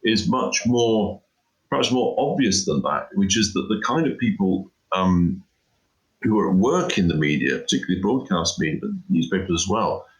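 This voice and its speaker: Middle aged guy in an interview, deep voice, goes on emphatically with lots of you knows. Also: animated, moderate pace, low-quality recording. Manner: emphatic, rambling, frequent "you know". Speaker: interview guest, journalist. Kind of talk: casual interview chat.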